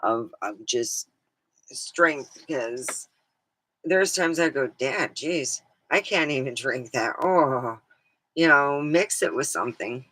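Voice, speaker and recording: A woman's voice: very deep voice, sharp tone, no room sound, rough recording. A woman livestreaming, chatting casually in a meandering way and swearing now and then. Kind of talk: casual rambling chat.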